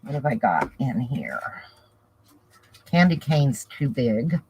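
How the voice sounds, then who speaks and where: A woman with a sing-song bass voice talks slowly against a noisy background. Her Southern US accent comes through as she rambles casually to viewers, thinking out loud during a craft project.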